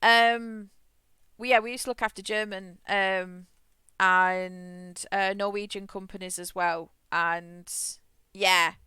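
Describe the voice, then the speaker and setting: A woman's voice: medium pitch, steady tone, slow pace, sharp tone, clear, resonant tone, no echo, studio quality. A woman streamer chatting casually while gaming, self-deprecating and laughing often, with frequent restarts. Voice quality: had a childhood stutter, frequent restarts.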